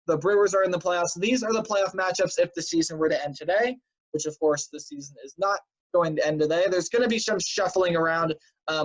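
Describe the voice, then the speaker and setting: A man hosting a casual weekly sports news recap who sounds tired and fills his talk with "um" and "uh". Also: high voice. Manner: chatty, filler-heavy, offhand predictions. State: tired and yawning. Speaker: sports show host. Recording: dull lo-fi home recording.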